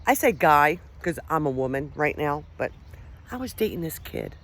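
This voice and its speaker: A woman's voice: deep voice, sing-song, moderate pace. Woman rambling on a trail vlog, chatty, keeps getting sidetracked, swears a bit. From Pennsylvania, USA. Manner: chatty, rambling, easily distracted, swears casually. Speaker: paranormal vlogger. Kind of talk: casual walking vlog. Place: outdoors on a park trail.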